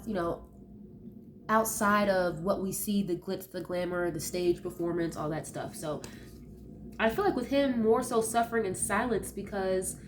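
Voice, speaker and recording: A woman's voice: medium pitch, background noise. A woman reading tarot in a casual chat, talking loosely with many fillers, her voice nasal from allergies. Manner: chatty, loose, full of fillers and asides. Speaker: tarot reader.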